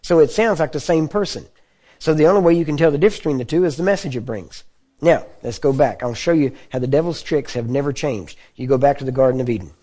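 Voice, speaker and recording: A man delivering a sermon in an easygoing, conversational way, often asking his listeners whether they follow. His voice sits a touch high for a man yet sounds mellow and dark. He clears his throat now and then between points. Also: fast. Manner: conversational teaching with frequent check-ins to the audience. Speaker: preacher.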